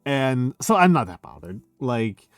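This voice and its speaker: A man's voice: mid-range voice, sing-song, measured pace, no room sound, faint music behind. A man chatting casually on a drinking stream, tipsy and hiccuping, rambling and emphatic with lots of fillers. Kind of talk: casual chat.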